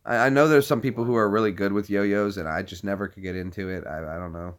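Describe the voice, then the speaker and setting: A man's voice: fairly low pitch, steady tone, fast. Rambling jokey man streaming live. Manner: rambling, jokey, puts on silly voices. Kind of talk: casual live-stream chat.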